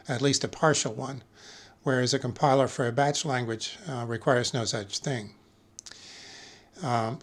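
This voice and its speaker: A man giving a technical lecture as a conference speaker, measured and careful, pausing often with fillers and correcting himself mid-word. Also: mid-range voice. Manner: measured, with frequent filler pauses and self-corrections.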